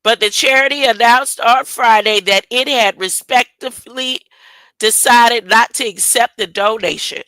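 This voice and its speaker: Speaking slowly and stretching her words, a woman with a sharp, slightly high voice rambles through casual commentary and reads a news article aloud. She keeps stumbling and laughing it off. The sound is dry and of poor quality.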